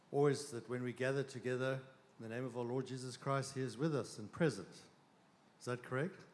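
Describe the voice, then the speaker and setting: A man speaking on stage at a conference, easygoing and joking, pausing with fillers before introducing his wife. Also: medium pitch. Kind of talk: stage talk with joke and announcements. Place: large conference hall with audience. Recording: long hall reverb, faint crowd noise.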